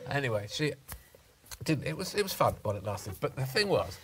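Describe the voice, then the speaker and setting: A man's voice: medium pitch, big pitch swings, a little fast, heavy background noise. A man hosting a comedy podcast, chatting casually and laughing as he tells stories. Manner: chatty, laughs mid-sentence. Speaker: host. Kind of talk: casual comic chat on a live podcast. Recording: live audience heard behind him.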